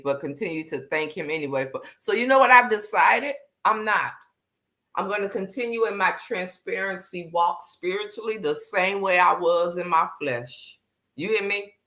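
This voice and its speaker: A woman's voice: mid-range voice, pushed and bright. A woman hosting a faith livestream, talking candidly and bluntly with slang, greeting viewers as she goes. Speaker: livestream host.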